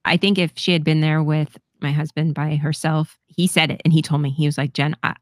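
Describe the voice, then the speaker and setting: Low-voiced candid woman telling a story. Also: steady tone, a little fast, no room sound, studio quality. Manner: candid, swears freely, laughs often. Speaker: podcast co-host. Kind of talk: casual storytelling.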